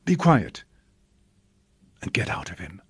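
A man voicing a calm, commanding man who gives a stern order in a hushed whisper. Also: lowish voice, moderate pace, breathy edge, no echo, pitched below the performer's own voice, full character voice.

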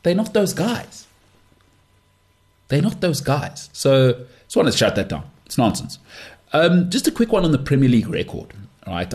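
A man's voice: on the low side, darkish tone. A man hosting a podcast, talking about sport on his own in an emphatic, dismissive way and repeating phrases for effect. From South Africa. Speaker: podcast host. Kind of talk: opinionated solo sports talk.

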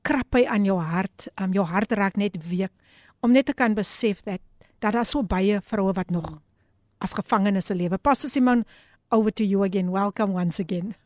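Woman radio host, south african accent, gentle, hesitant, dry studio sound. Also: medium pitch, moderate pace, no echo. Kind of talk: radio presenting.

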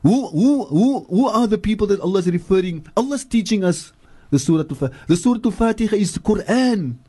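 A man with a South African accent giving religious teaching on radio, reciting verses slowly and then explaining them with emphatic repetition from a studio. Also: sits high, lively intonation, mellow, breathy edge. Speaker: Islamic scholar and regular radio guest.

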